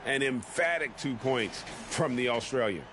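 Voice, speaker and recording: An actor voicing a measured basketball color analyst in a video game, explaining plays in a steady way. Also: male voice, mid-range voice, noisy background, close to an everyday voice. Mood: analytical. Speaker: color commentator. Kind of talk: video game sports commentary. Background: game music.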